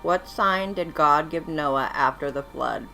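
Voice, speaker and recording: Low-voiced woman hosting a livestream. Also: creaky, bright, forceful tone, faint music behind. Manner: reads multiple-choice questions slowly and chats between them. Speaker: livestream host running a Bible trivia game. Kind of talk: casual livestream chat.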